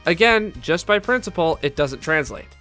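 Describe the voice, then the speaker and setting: A man's voice: a little high, animated, normal speed, sharp tone, faint music behind. A man giving scripted video-essay narration as an anime commentator, enthusiastic and candid with fan asides.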